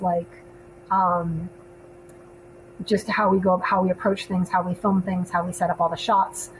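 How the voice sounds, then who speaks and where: A woman's voice: mid-range voice, darkish tone, a little hiss or hum, low-quality recording. A woman in her thirties, a filmmaker co-hosting a podcast, chatting casually with lots of ums. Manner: chatty, laughs often, many ums. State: hiccups. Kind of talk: casual panel chat.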